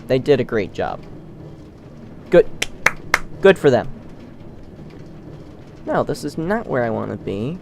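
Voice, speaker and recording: A man hosting a gaming channel who rambles through a let's play with excitable, self-deprecating commentary. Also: mid-range voice, slow pace, creaky, pauses often, slight background noise.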